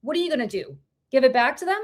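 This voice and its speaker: High-voiced, impassioned podcast woman. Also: very animated, racing. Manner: impassioned, profane, rhetorical questions. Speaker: podcast co-host. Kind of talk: heated political commentary.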